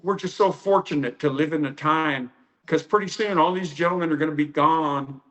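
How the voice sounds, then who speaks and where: A man's voice: fairly high pitch, moderate pace, fairly bright tone. Chatty man telling karate stories. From United States. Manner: anecdotal, many fillers, acts out quotes. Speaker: karate instructor. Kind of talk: storytelling interview.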